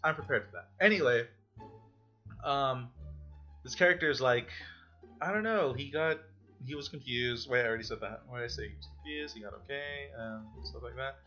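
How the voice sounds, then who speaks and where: A young man rambles through a casual review, blunt and quick to swear when something annoys him. The recording is dull and lo-fi, with faint music underneath. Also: medium pitch, animated, sharp tone. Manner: rambling, blunt and profane, with exasperated outbursts. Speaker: online reviewer.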